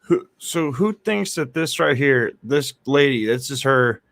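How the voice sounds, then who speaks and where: A man casually commenting on a clip, halting with many fillers. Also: mid-range voice, animated, creaky, a bit bright, dry recording. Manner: slow, halting, filler-heavy.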